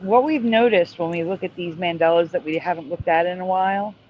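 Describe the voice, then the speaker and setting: A man's voice: sits high, a little fast. A man hosting a casual talk, presenting topics in an upbeat, exclamatory way. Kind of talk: casual chat. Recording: dull lo-fi sound with faint noise.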